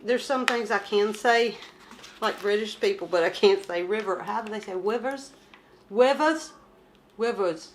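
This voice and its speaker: A crafting vlogger chats casually while showing off her craft kit, rambling and joking about herself in a show-and-tell style. Her voice is medium-pitched with fairly even intonation and a moderate pace, and there's a little hiss or hum.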